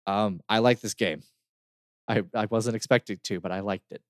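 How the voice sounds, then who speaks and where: A man's voice: lowish voice, steady tone, moderate pace, no echo, clean studio sound. A man co-hosting a casual game review chat, easygoing, with lots of fillers and laughter. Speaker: podcast co-host reviewing games.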